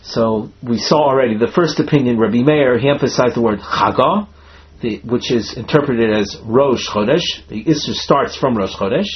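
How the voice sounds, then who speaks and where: A man teaching a Talmud class, the text and explaining it step by step in a measured way, an of the text. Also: mid-range voice. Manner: reads and explains, slow and measured, with self-corrections. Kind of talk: Talmud class, reading and translating line by line. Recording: muffled lo-fi class recording.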